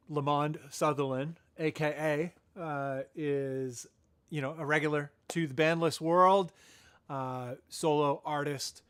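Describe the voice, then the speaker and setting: A man's voice: a little high, a bit bright, clear, resonant tone, no echo. Chatty male podcast host, dry close sound. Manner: rambling, chatty, frequent fillers and self-corrections; laughs at his own asides. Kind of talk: casual live podcast chat.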